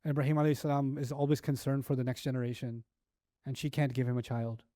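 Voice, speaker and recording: A man's voice: mid-range voice, little pitch movement, fast, mellow, no room sound, clean studio sound. A man teaching a Quran lecture, telling stories with animation and asking many rhetorical questions. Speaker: Islamic teacher.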